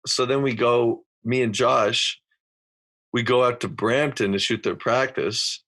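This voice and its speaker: A man's voice: medium pitch, steady tone, a little slow, a bit bright. A young man with a Canadian accent, a podcast guest telling a rambling story full of fillers and restarts. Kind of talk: casual storytelling.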